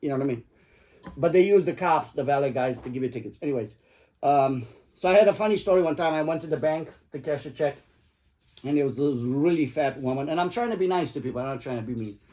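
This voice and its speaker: Casual dinner-table storytelling comes from a middle-aged father whose fairly high voice has a dark tone. He talks fast, and his anecdotes ramble, curse freely and crack jokes.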